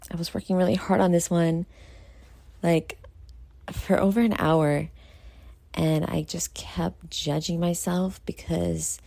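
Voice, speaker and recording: A woman from New York hosts a late-night vlog, tired and rambling through her thoughts with lots of fillers. Her voice sits low, with a gravelly, mellow tone. The sound is dry and close. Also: dry recording. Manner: self-critical, rambling with many fillers. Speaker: show host.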